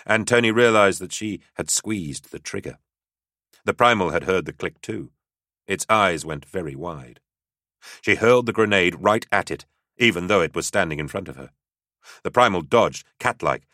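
A man narrating an audiobook in a steady, dramatic storytelling manner. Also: low-pitched, no room sound, clean studio sound.

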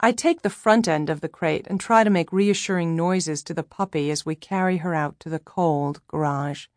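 A woman narrating a novel in the first person, in a wry, measured audiobook reading. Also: lowish voice, darkish tone, dry recording, studio quality.

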